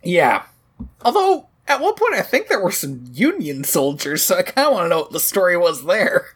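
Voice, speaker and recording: Lively husky woman recapping a movie. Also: fairly low pitch, normal speed. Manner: animated, laughing, swearing, quoting lines in funny voices. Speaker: podcast co-host. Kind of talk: casual movie recap chat.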